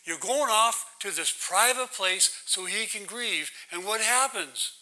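A man teaches scripture as a pastor, drawing his listeners in with questions and a steady stream of "right?". His voice sits high and sounds very bright. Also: unhurried, poor audio. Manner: conversational, keeps asking "right?". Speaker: pastor leading a Bible study. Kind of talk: interactive sermon with questions to the audience.

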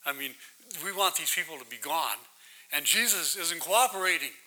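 A man's voice: on the high side, animated, moderate pace, pushed and bright, poor audio. A man leading a Bible study, preaching in a conversational way that keeps asking the listeners questions and checking in with "right?". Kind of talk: interactive sermon with questions to the audience.

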